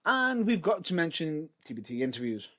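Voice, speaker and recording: Man co-host, casual podcast banter, animated, slightly high voice, rambling and giggly. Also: fairly quick. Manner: rambling, giggly, self-interrupting. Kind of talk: casual chat.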